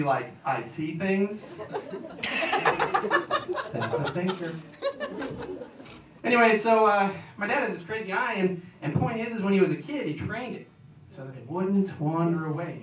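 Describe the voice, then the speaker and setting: A young man tells stand-up stories in a rambling, self-mocking way, his voice high and swinging widely in pitch. The room is echoey and the mic is some distance off, with noise underneath. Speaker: stand-up comedian. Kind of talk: stand-up routine.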